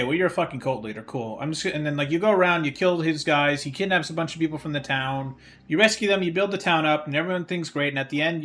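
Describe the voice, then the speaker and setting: A man's voice: on the high side, sharp tone. A man streaming a game live, talking casually in a profane, ranting and exasperated way. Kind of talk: casual livestream chat while gaming.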